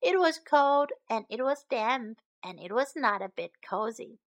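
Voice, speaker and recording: A woman narrating a children's storybook for English learners, reading slowly, clearly and expressively. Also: a little high, expressive.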